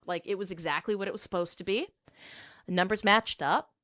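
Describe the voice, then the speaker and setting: A woman's voice: medium pitch, a little fast, a bit bright, no room sound, clean studio sound. A young adult woman streamer telling a rambling personal story in casual chat, with plenty of filler words.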